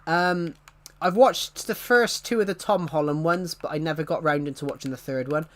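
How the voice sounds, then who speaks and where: A man's voice: a little high, moderate pace. A young man chatting casually on a live stream, rambling and self-deprecating, often laughing and restarting his sentences.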